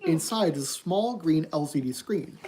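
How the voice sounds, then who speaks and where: A streamer narrating an interactive horror book for an online audience. The voice has a mellow, darker tone, and the reading is steady and even. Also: mid-range voice, normal speed, slight background noise. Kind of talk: reading a story aloud on stream.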